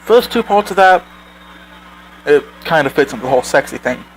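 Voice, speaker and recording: A man's voice: a little high, animated, brisk, a little hiss or hum, low-quality recording. A man hosting a commentary video, reading out social media posts and answering them with sarcastic, exasperated remarks.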